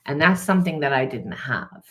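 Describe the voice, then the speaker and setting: A woman's voice: extremely low pitch, sing-song, normal speed, sharp tone. A woman spiritual coach talking through a tarot reading in an earnest, conversational way, often repeating herself. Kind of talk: casual tarot reading monologue.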